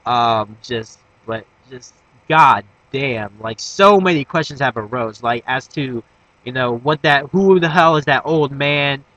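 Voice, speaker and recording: A young man giving a casual episode recap, rambling with fillers and restarts, swearing, and breaking into excitable bursts. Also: mid-range voice, a little slow, no echo, low-quality recording. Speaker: anime reviewer.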